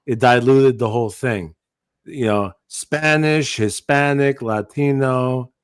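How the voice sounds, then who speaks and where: A man's voice: medium pitch, takes it slowly, clean tone, dry recording, clean studio sound. A man in a casual comedy chat, blunt and emphatic, swearing freely as he makes his point. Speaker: podcast co-host.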